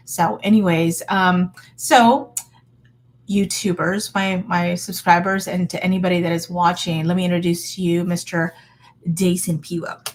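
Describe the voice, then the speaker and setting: A faith vlogger in her thirties, low-voiced, addresses her viewers in a casual, earnest and encouraging way, stumbling into fillers and restarts. A little hiss or hum can be heard.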